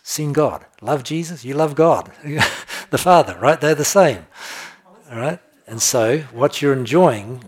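A man preaching a sermon, reading scripture with slow, stressed phrases and chatting to his listeners between verses. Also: medium pitch. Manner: conversational asides with soft laughs.

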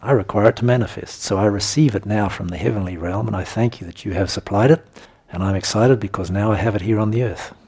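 A man preaches fast, hardly pausing, teaching from scripture verses in an emphatic style with animated bursts and chuckles. His lowish voice carries a breathy edge.

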